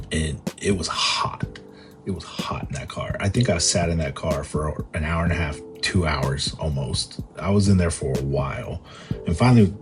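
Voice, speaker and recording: A young man telling a personal story as a vlogger, halting and repeating himself with many fillers. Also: low-pitched. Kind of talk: storytelling monologue.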